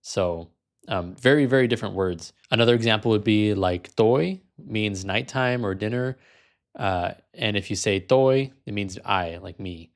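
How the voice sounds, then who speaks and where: A man's voice: fairly low pitch, moderate pace. A man hosting a language-learning video, talking casually and frankly, sometimes amused. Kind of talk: casual vlog commentary.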